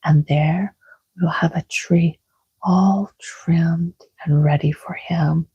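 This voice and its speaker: A woman's voice: low voice, steady tone, slow, slightly rough, dry recording, lo-fi sound, exaggerated voice. A woman voicing a kindly male fairy king in a whispered role-play. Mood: eager.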